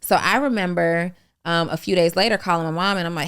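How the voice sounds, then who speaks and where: A woman hosting a business podcast who tells stories in a lively way, laughs easily and encourages her guest. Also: fairly low pitch, a little fast, clean tone. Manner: animated storyteller, laughs readily, encouraging. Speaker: podcast host and business coach. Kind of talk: casual podcast conversation.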